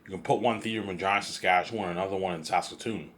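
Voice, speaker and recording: A young man with a slight Canadian accent and a very low voice talks in a loose, rambling monologue. He stumbles and repeats words, drops casual swears, and keeps a relaxed, offhand tone. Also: racing, slight background noise. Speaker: host.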